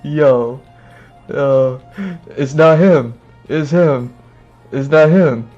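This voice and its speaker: A man streaming live, giving loose slangy reaction commentary, excitable and often breaking into laughter. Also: mid-range voice, extremely slow. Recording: muffled, with music behind.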